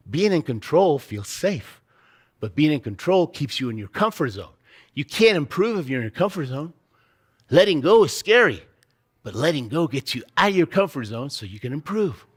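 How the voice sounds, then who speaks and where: A man's voice: medium pitch, husky. A man giving a motivational keynote, telling a vivid, dramatic story with sound effects and emphatic rhetorical questions. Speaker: keynote speaker.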